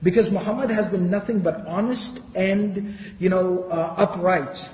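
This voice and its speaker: A man's voice: sits high, fairly even intonation, measured pace, a little mellow. A man giving a storytelling lecture, retelling history and quoting passages in Arabic before translating them. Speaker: Islamic lecturer. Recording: echoey hall.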